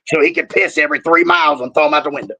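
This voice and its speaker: A middle-aged man telling stories in casual chat on a remote call, animated and profane, with loud laughs. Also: fairly high pitch, rapid-fire, vocal fry, dull audio. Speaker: guest, former wrestler.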